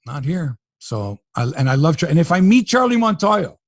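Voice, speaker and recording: A middle-aged man hosting a sports podcast, talking in an animated, profane, ranting way. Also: fairly high pitch, moderate pace, dry recording, clean studio sound. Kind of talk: casual sports talk.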